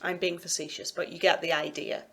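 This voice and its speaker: A woman with a Scottish accent giving a recorded university lecture, explaining clearly and in a measured way, with sing-song examples. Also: lowish voice, little pitch movement, fairly bright tone.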